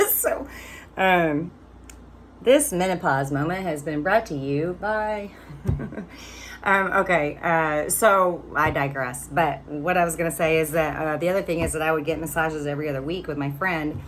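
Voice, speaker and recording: A woman's voice: sits low, moderate pace, a little hiss or hum. A woman in her fifties chatting candidly to camera, telling a personal story in a casual, loose way. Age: 50s. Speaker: vlogger.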